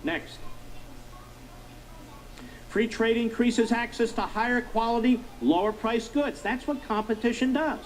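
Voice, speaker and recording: Middle-aged guy ranting on political talk, pitched kinda high, hammers the same points over and over. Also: unhurried, long pauses, slight background noise, poor audio. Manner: emphatic, rhetorical questions, repetition. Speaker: talk show host. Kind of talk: political commentary monologue.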